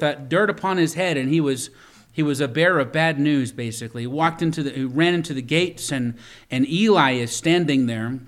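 A man preaching a sermon as pastor, retelling a story and then speaking directly to parents, often repeating words and restarting lines. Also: fairly high pitch. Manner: storytelling preacher, swings from loud emphasis to quiet asides.

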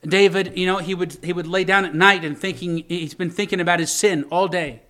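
A man's voice: sits high, steady tone, a little fast, pushed and bright. A man preaching a sermon, reading scripture aloud and pleading in the voice of a repentant king. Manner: impassioned preaching, quoting scripture in old English, pleading voice for David. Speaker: pastor.

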